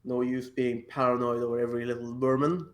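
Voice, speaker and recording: A man's voice: mid-range voice, level tone, brisk. A man playing a tabletop game, talking casually and stumbling over his words. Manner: hesitant, stumbling over words, laughs often. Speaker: player.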